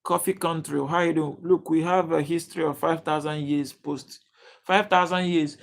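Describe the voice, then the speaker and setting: A man's voice: fairly high pitch, steady tone, creaky. A young man from Nigeria, hosting a casual livestream, reading out viewers' names and restarting his sentences with many fillers. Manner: halting, many fillers and restarts, addresses chat viewers by name. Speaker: livestream host. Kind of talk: casual live chat reading comments.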